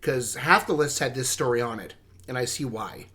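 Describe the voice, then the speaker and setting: A man's voice: mid-range voice, moderate pace, sharp tone. A man co-hosting a podcast, chatting casually and thoughtfully about comic stories. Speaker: podcast co-host. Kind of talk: casual chat.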